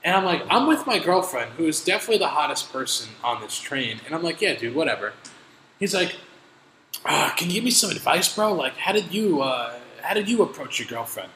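A man holds forth in a lively, bright voice that swings up and down as he tells his story. His talk is full of profanity and exasperated asides. The room behind him is echoey, with a faint hiss underneath. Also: on the high side, brisk. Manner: profane, animated rants, exasperated. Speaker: podcast host. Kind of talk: casual chat, storytelling.

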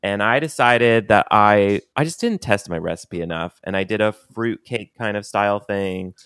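A man co-hosting a podcast, chatting in a relaxed, casual way. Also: on the low side, normal speed, smooth, no room sound, clean studio sound. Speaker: podcast co-host. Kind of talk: casual chat.

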